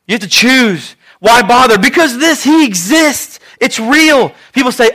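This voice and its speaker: A male pastor with a notably high, bright voice delivers a sermon. He tells the story with humor and animated voices, laughing now and then. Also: normal speed, hardly any pauses. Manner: jokey and lively, laughs often.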